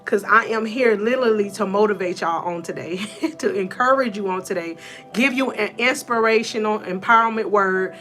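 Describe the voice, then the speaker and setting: Bright-voiced Georgia woman coach. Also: mid-range voice, moderate pace, soft background music. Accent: Georgia Southern US. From North Georgia, USA. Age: 30s. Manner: warm endearments to viewers, frequent laughter. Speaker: motivational coach. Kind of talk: live-stream motivational talk. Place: her room.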